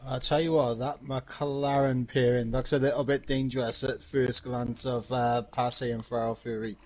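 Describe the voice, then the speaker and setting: A man with a Welsh accent co-commentating a sim race, relaxed and conversational. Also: medium pitch, normal speed.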